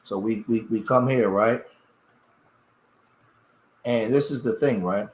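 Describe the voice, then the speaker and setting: A man's voice: fairly low pitch, slow. Impassioned man streaming in a roomy space. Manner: impassioned, rambling with restarts. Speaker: live streamer. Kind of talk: emotional live-stream talk. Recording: roomy echo.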